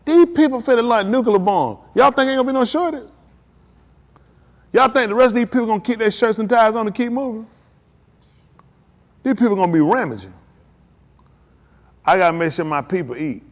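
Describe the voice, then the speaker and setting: A man's voice: sits high, expressive, fairly quick, long pauses. A man preaching a live-streamed sermon to his congregation, emphatic and repetitive, hammering short punchy declarations. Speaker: pastor.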